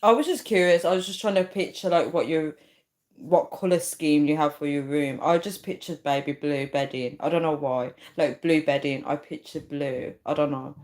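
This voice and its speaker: A woman hosting a livestream, talking loosely to her viewers and answering their comments. Her voice sits fairly low for a woman, and she often trails off and starts over mid-sentence. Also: normal speed, a little mellow. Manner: chatty, trails off and restarts, reads comments aloud. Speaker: YouTube live streamer. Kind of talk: casual live-stream chat reading comments.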